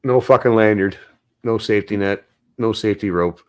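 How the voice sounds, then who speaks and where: A man's voice: lowish voice, normal speed. A man chatting casually on a live stream, rambling and swearing often. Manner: rambling, swears a lot, gets anxious. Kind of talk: casual chat.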